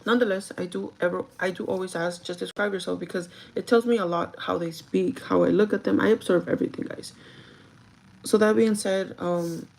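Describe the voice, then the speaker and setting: A woman talks casually to her live viewers while getting ready, speaking to them directly and laughing often. Her voice sits low with a gravelly, fry-heavy edge. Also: steady tone, a little fast, darkish tone, poor audio. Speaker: livestreaming vlogger and store manager. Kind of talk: casual chat while doing makeup, reading live chat.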